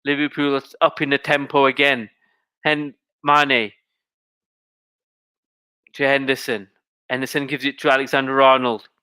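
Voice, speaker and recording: Bright, crisp man calling football live. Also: medium pitch, dry recording. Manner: rapid running play-by-play, rising to excited shouting at goals. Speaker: football commentator. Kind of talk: live play-by-play commentary.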